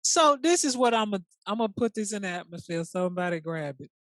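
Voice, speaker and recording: A podcast co-host chatting casually in a sassy, colloquial way, quick to react. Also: medium pitch, expressive, no room sound. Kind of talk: casual chat.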